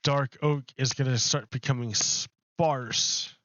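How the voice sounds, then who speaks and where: Slow, rambling male streamer. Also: mid-range voice, fairly even intonation, a bit bright, no echo, lo-fi sound. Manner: rambling, chatty, with many fillers and restarts. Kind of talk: casual livestream chat while gaming. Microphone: close desk microphone.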